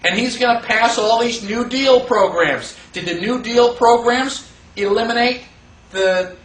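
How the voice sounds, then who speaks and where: A man teaching a class in a lively lecture, asking the room questions and acting out the people he quotes. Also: very high-pitched, unhurried. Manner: animated, rhetorical questions, acts out quoted voices. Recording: echoey room, voice from far off.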